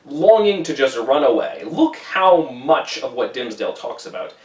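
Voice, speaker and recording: A man teaching, walking students through a classic novel as an enthusiastic, animated explainer. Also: mid-range voice, moderate pace, far from the mic. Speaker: English teacher. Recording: roomy echo, away from the mic.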